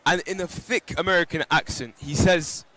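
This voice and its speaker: A man's voice: on the high side, normal speed, bright, forceful tone. Reflective man telling a personal story. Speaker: interview guest. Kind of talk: live outdoor broadcast interview. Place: outdoors on a pilgrimage walk.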